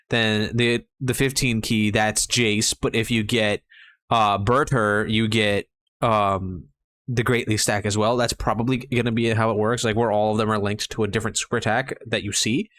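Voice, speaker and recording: A young man who is sick gives enthusiastic, rambling commentary on a mobile game card, full of fillers and restarts, as a mobile game content creator. His voice is fairly low in pitch with a fairly bright tone.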